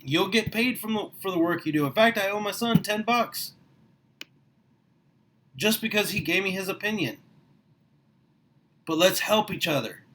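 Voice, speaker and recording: A middle-aged man giving a passionate motivational talk to the camera, his voice rising and getting louder as he gets worked up. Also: high-pitched, expressive, normal speed, pauses often, a little hiss or hum, rough recording. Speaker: small business owner recruiting for network marketing. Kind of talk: motivational vlog monologue.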